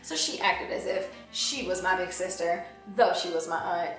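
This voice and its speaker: A woman's voice: lowish voice, moderate pace, fairly bright tone. A young woman from Washington, D.C. sharing a candid, emotional personal testimony in a confessional way. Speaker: vlogger sharing her testimony. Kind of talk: personal testimony, talking to camera. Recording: very echoey room, voice away from the mic, faint music.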